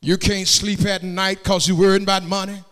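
A man preaching a sermon in a church, swinging from plain talk into shouted, sung cadences and calling out to the congregation for answers. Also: high-pitched, little pitch movement, moderate pace, soft background music. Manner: calls out to the congregation for response. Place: church sanctuary. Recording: long hall reverb.

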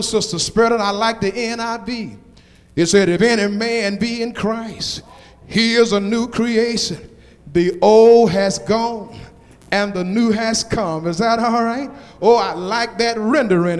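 A man preaching a sermon in a church, with call-and-response lines that build to shouted climaxes. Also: high voice, unhurried. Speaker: pastor. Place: church sanctuary. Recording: long church reverb.

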